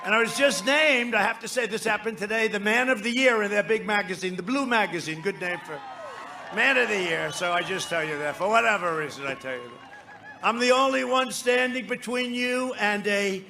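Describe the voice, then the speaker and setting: This man has a high voice and speaks at normal speed over a noisy background. He's a political speaker at an outdoor rally before a large crowd, giving a boastful, rambling campaign speech and trading banter with the crowd from the stage.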